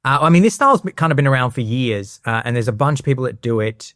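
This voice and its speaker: A man's voice: mid-range voice, lively intonation, fast talker, a bit bright, no room sound, clean studio sound. A man co-hosting a podcast, chatting casually and animatedly, often acting out other people in silly voices. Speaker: podcast co-host. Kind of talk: casual comedic chat.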